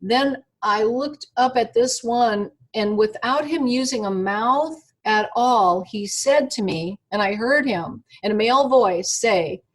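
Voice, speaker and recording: Woman on a video call telling her story, kinda high voice, lots of um and uh, keeps restarting. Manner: animated, halting, many fillers and restarts. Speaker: interview guest. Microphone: internet call.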